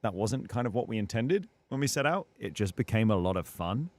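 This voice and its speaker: A man's voice: on the low side, brisk. A British man, a voice actor guest, talking earnestly and casually on a livestream. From Britain. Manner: earnest, animated, drifting into character voices. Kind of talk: casual chat. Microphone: studio condenser.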